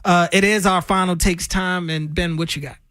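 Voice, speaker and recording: A man's voice: sits high, steady tone, normal speed, sharp tone, clean tone, no room sound, clean studio sound. A man co-hosting a sports talk radio show, talking casually and getting fired up over his opinions. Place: radio studio. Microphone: studio microphone.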